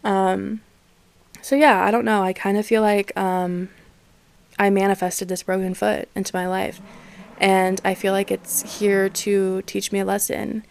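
A woman's voice: mid-range voice, flat delivery, a little slow, creaky. A woman in her twenties hosting a casual solo podcast, talking candidly, swearing freely and laughing often. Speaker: podcast host.

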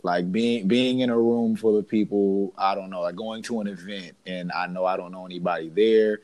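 A man in casual chat with friends, talking in a thoughtful, measured way. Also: low-pitched, fairly even intonation, darkish tone.

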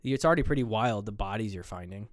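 A man's voice: lowish voice, expressive, fast talker, no room sound, clean studio sound. A man co-hosting a podcast, rambling through a movie plot with laughs. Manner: rambling retelling of scenes, laughs often. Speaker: podcast co-host. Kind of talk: casual movie review chat.

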